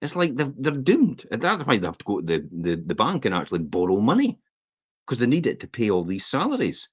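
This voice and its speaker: Scottish male podcast host, opinionated and animated, husky, dull lo-fi sound. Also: on the low side, fast talker, dry recording. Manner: opinionated, animated, laughs while ranting. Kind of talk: casual podcast chat.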